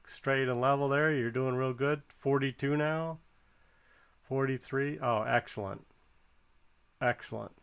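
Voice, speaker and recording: A man's voice: mid-range voice, steady tone, measured pace, creaky, pauses often, a bit bright, clear, resonant tone. A man giving casual, encouraging play-by-play while someone else flies in a video game, counting the balloon score aloud. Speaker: co-commentator watching a flight game.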